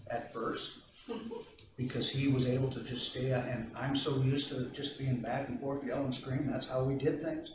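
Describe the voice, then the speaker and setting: A man's voice: on the high side, noisy background. A man giving an anger management training to a live audience, telling stories in a conversational way and asking the audience questions. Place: training room. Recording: distant echoey room recording, dull sound.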